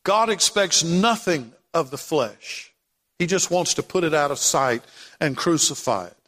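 A man preaching a sermon as pastor, swinging from loud declarations to hushed passages. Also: fairly high pitch, lively intonation, unhurried, big-room sound. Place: church sanctuary.

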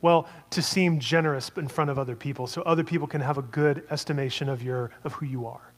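A man's voice: a little high, fairly even intonation, fast, in a large hall. A man preaching a sermon in a conversational way, asking many rhetorical questions.

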